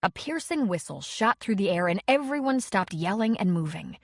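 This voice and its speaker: A woman reading an audiobook in measured, expressive narration. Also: medium pitch, no room sound, clean studio sound. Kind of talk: scripted narration.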